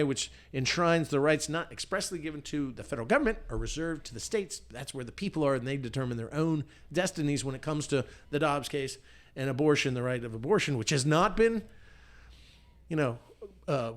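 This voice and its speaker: A man co-hosting a podcast, delivering a blunt, fiery political rant full of profanity. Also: fairly high pitch. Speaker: podcast co-host.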